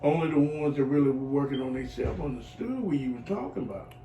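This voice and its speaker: A middle-aged man giving heartfelt personal testimony as a client in a recovery program, earthy and animated, acting out voices as he tells his story. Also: mid-range voice, fast. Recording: echoey room, voice from far off, faint noise.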